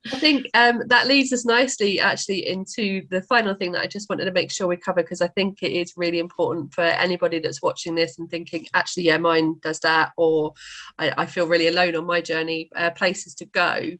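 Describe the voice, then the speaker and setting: A woman's voice: lowish voice, steady tone, fairly quick, fairly bright tone. A woman hosting a casual group chat, steering it to a new question in an encouraging way. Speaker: host.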